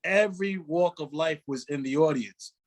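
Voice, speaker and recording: A man in his forties, a comedian telling animated stories in a casual interview and slipping into quoted voices. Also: on the high side, normal speed. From New York. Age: 40s. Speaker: guest comedian.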